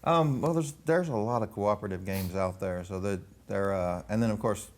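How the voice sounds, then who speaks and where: A man's voice: lowish voice, moderate pace. A man who owns a game shop, talking as a guest in casual chat with dry jokes.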